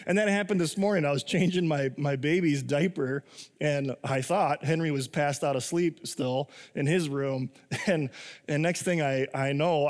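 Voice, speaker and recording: A young man preaching a sermon as pastor, telling the story with jokes and laughter and acting out the scenes in small voices. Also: a little high. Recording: long hall reverb.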